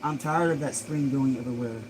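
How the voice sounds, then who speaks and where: A man hosting a casual livestream, excitable and swearing freely, bursting into shouts. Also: medium pitch, brisk, a little hiss or hum, rough recording. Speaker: livestream host.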